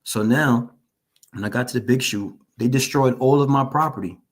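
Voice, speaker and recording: A man's voice: mid-range voice, normal speed. A formerly incarcerated man speaking as an interview guest, giving earnest personal testimony, openly shaken and repeating phrases for emphasis. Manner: openly shaken while recounting.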